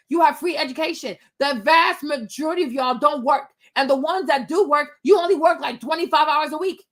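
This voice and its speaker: A woman's voice: sits high, a bit bright. A woman hosting a commentary show, ranting in a brash, mocking, emphatic way. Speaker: host.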